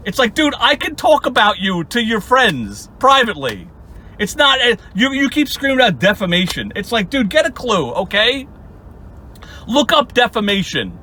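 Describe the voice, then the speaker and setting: A man's voice: high-pitched, very animated, moderate pace, sharp tone. A young man hosting his channel, ranting at someone in sarcastic, profane commentary and laughing often. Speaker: channel host.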